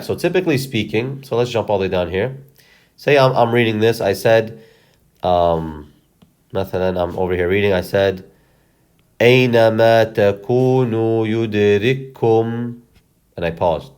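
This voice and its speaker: A man's voice: low-pitched, darkish tone. Patient man teaching Quran recitation. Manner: patient, explains step by step, checks in with "okay?". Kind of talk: instructional explanation with recitation. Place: recorded lesson video.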